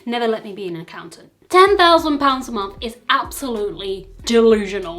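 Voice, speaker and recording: A woman's voice: on the high side, animated, brisk, few pauses, a bit bright. A young woman from the UK vlogging in a chatty, self-mocking way. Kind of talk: casual chat to camera. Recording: faint music behind.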